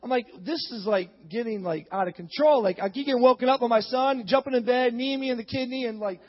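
High-voiced preaching man in a hall. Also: quick pace. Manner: emphatic preaching, rising to shouts. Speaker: pastor. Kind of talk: sermon. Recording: dull, long-reverb hall sound.

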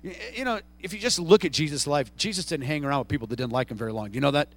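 A middle-aged man preaching a sermon as pastor, swinging between soft and loud with passion. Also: a little high, racing.

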